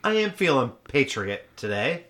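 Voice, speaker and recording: A man's voice: medium pitch, big pitch swings, normal speed, a bit bright. A man co-hosting a satirical podcast chat, playing it mock-earnest, agreeing emphatically and swearing freely. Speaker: podcast co-host.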